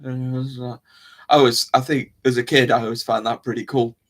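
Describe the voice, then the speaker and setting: Brisk and medium-pitched, his voice shows little pitch movement. As a livestream host, he chats loosely with his audience, rambling and often trailing off before restarting what he was saying.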